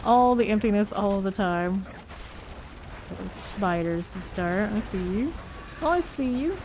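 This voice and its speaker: A woman's voice: medium pitch, animated, unhurried, darkish tone, slight background noise. A woman streaming a game live, thinking aloud and calling out enemies as they appear. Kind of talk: live gameplay commentary.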